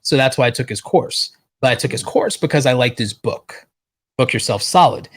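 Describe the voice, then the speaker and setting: Male livestream host, mid-pitched, tiring voice, answers chat questions plainly. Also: moderate pace, a bit bright, slightly rough. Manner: reads viewer questions aloud and answers directly. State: losing his voice. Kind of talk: casual livestream Q&A.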